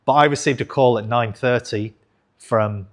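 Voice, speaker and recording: Speaking at a normal speed in a mid-range voice, this thirtysomething investing channel host shares a personal story on camera. His delivery is candid and chatty, with casual swearing and frequent self-corrections.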